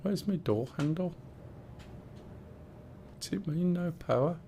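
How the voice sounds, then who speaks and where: A man's voice: a little high, expressive, slow, dark tone, a little hiss or hum. A man casually chatting and explaining things as he live-streams a game, rambling and swearing a bit. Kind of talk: live gameplay stream chat.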